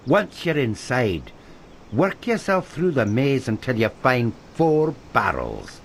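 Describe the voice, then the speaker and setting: An actor playing a mysterious male guide in a video game, calm and instructive in tone. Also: medium pitch, slow, a little hiss or hum, exaggerated voice.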